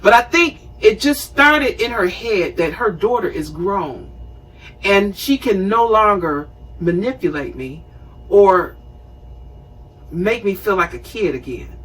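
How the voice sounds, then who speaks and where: Lively, husky-voiced woman in her fifties. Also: medium pitch, slow, recorded from a distance, low-quality recording. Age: 50s. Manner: animated, conversational, acts out scenes. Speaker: show host. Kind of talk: storytelling talk show monologue.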